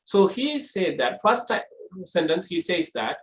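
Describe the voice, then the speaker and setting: A college lecturer giving a lecture on voice modulation, explaining step by step and demonstrating with exaggerated pitch shifts. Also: expressive, a little slow. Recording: roomy echo.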